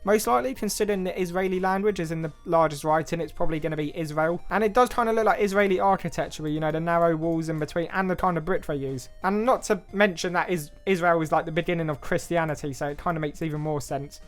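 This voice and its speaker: A man's voice: a little high, fast, few pauses, faint music behind. A young man with an English accent giving casual, self-mocking game commentary, thinking aloud and second-guessing himself as he plays. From England. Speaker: gaming YouTuber.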